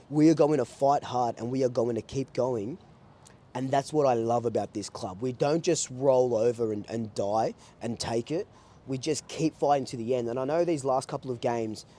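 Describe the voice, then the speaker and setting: A young Australian man reviews a football match for his vlog in a warm, mellow voice. He talks with passion and rambles freely, often restarting a sentence or repeating a phrase as he goes. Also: mid-range voice. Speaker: football fan channel host.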